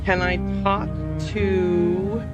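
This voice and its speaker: A woman's voice: medium pitch, level tone, extremely slow, muffled recording. A woman streamer chatting casually while playing a game, thinking aloud and poking fun at herself. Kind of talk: casual gameplay livestream commentary. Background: game music.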